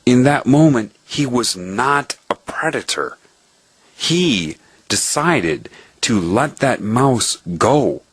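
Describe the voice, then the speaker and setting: A man narrating a first-person testimony in a calm, earnest, musing way. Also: mid-range voice, takes it slowly, husky, no room sound. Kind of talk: reflective first-person storytelling.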